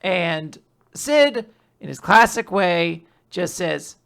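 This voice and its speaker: A podcast host casually recapping manga chapters, rambling and animated, with frequent asides. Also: mid-range voice, takes it slowly, creaky. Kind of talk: casual chat.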